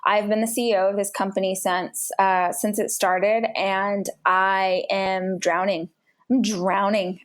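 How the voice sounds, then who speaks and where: A woman guest on a podcast, telling her story in a candid, emphatic and chatty way. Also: mid-range voice. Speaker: podcast guest, business founder.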